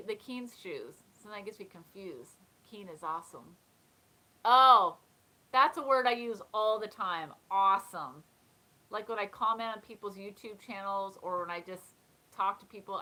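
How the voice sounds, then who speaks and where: A woman's voice: medium pitch, sharp tone, low-quality recording. A woman hosting a casual live chat, talking in a chatty way, often laughing and reading comments aloud. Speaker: live stream host.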